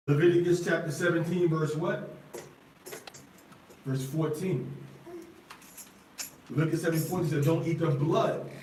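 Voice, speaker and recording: A man teaching scripture in a Bible study, slow and deliberate, asking his listeners repeated questions and sounding out Hebrew words one by one. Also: fairly high pitch, a little mellow, slight background noise. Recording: roomy sound from a distant mic with faint ambience.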